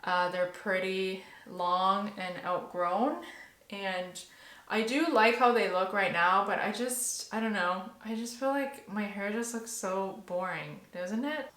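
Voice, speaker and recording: A young woman hosts a casual how-to vlog from home, chatting nervously with plenty of fillers. Her voice sits at an ordinary middle pitch. The room around her is noticeably echoey. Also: slow, fairly bright tone. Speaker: beauty vlogger.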